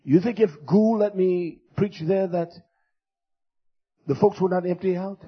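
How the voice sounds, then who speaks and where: Male pastor, high husky voice, fiery sermon delivery with loud outbursts and quiet asides. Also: steady tone, a little slow, muffled recording. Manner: loud, shouting denunciations that drop to low muttered asides.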